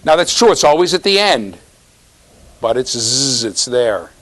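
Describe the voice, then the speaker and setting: A man's voice: a little high, very animated, moderate pace, rough recording. A man giving a university classroom lecture, teasing students and checking in with "right?".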